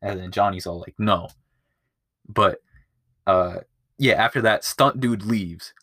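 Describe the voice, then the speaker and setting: A man with a lowish voice recaps a movie on his podcast in a loose, rambling way, swearing freely and doubling back. He is recorded close up, and the sound is dry. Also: a little slow, sharp tone, no room sound. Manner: rambling, profane, loses his place. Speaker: podcast host. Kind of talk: casual movie review chat.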